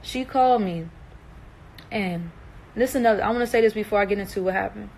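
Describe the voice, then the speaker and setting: A woman's voice: medium pitch, brisk, vocal fry, a little mellow, slight background noise, low-quality recording. A young woman in a distressed, emotional livestream monologue, earnest and emphatic, repeating herself and swearing.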